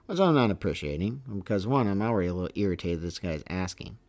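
Give me a low-pitched middle-aged man, a veteran umpire hosting a podcast, talking casually and pressing his points hard. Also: expressive, fast, a little mellow. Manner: emphatic, keeps checking in with "okay?" and "all right?". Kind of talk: casual storytelling monologue.

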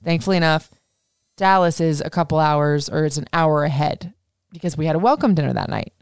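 A woman's voice: sits low, brisk, smooth, no echo, clean studio sound. A woman podcast host telling a personal story in casual, rambling talk, full of swearing and "like". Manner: rambling, profane, heavy use of "like".

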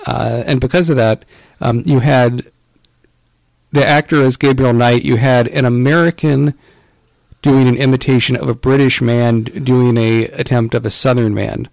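A man's voice: medium pitch, fairly even intonation, moderate pace, creaky, darkish tone, no echo. A man co-hosting a podcast in casual chat, rambling with many fillers. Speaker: podcast co-host.

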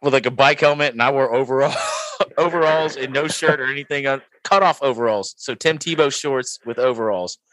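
A man's voice: medium pitch, a little fast, a bit bright. A young man hosting a podcast, chatting casually over drinks, joking and laughing as he rambles through stories. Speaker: podcast host.

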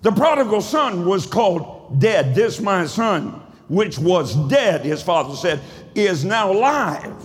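A male pastor preaching a sermon in a rhythmic, cadenced style that swells into shouts. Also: high-pitched, very animated, slow, long reverb tail. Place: church sanctuary.

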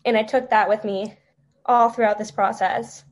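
A young woman, a podcast guest, telling an emotional personal story in a halting, tearful way with many fillers. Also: fairly high pitch, steady tone.

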